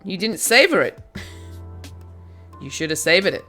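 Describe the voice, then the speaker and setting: A woman's voice: fairly low pitch, very animated, normal speed. A woman streamer chatting casually with her viewers while she knits, giggling often and reading their names aloud. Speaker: craft streamer. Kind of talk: casual chat while knitting. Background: soft music.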